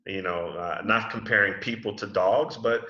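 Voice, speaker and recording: A man's voice: lowish voice, normal speed, pushed and bright. Friendly man teaching a class over a video call. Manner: friendly, repeats and restarts words. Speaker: English teacher leading a class. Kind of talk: casual class discussion. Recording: muffled video call in an echoey room.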